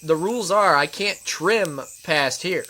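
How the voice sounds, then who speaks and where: A man's voice: fairly high pitch, measured pace, sharp tone. A man co-hosting a podcast in casual chat, joking and swearing freely. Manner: profane, joking. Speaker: podcast co-host.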